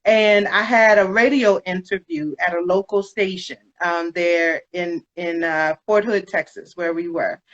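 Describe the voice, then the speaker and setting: A woman hosting a live podcast chat, talking in a chatty, animated way and laughing often. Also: fairly low pitch, unhurried, few pauses. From United States. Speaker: podcast host. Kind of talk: casual live interview chat. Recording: dull lo-fi livestream audio.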